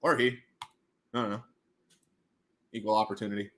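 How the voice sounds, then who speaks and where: A man hosting a casual livestream at home, running prize wheel spins in a goofy, animated way and slipping into silly voices. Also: on the high side, normal speed. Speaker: livestream host running giveaways.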